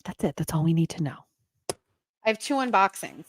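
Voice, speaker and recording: A woman hosting a podcast, chatting casually in a gossipy, animated way. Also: low-pitched, brisk, slight background noise. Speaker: podcast host. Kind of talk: casual chat.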